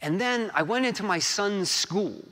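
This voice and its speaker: A preacher voicing a good-natured football coach who speaks with earnest, heartfelt warmth. The voice rises above a middling male pitch. A long reverb trails behind every phrase, as in a church. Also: animated, normal speed.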